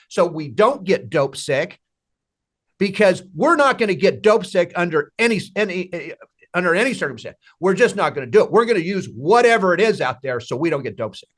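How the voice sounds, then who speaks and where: A woman hosting an interview, speaking emphatically and repeating words for stress. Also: fairly low pitch. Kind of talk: casual interview talk.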